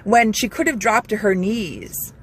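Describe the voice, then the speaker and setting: A woman's voice: mid-range voice, animated, unhurried, a little hiss or hum. A woman hosting a Christian channel, giving an earnest, rambling devotional talk full of fillers and restarts. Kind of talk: informal devotional talk to camera.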